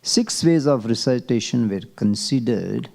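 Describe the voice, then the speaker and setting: A man teaching a Vedic chanting class, explaining slowly and asking rhetorical questions. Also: medium pitch, expressive, creaky, a little mellow. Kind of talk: classroom lecture.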